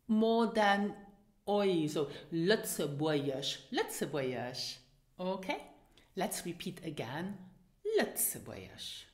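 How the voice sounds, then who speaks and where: Slow, patient Luxembourgish woman teaching. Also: mid-range voice, a bit bright. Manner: patient, drills words for repetition. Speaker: language teacher. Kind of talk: slow pronunciation lesson. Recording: roomy echo.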